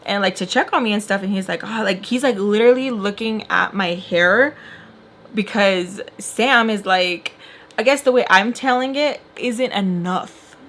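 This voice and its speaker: A young woman telling a long story in a casual, animated way while doing her makeup, filling her talk with "like". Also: medium pitch, unhurried. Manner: chatty, animated retelling with filler "like".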